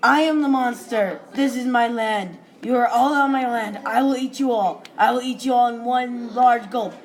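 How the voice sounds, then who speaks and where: A woman voicing a huge, boastful, hungry male monster who makes slow, repetitive threats. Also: a little high, a little hiss or hum, natural voice. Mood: menacing.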